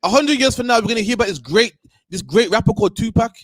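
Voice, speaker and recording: Male host, rapid impassioned rant, dry close sound. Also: very high-pitched, expressive, no room sound. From United Kingdom. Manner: ranting, repeats "man" at line ends, mimics others. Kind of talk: heated street-corner preaching.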